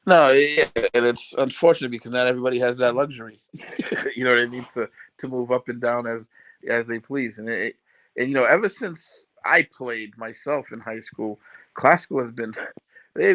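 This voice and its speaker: A man, a former high school player, chatting casually about sports and agreeing easily with the host. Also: fairly quick, a bit bright, no echo, rough recording.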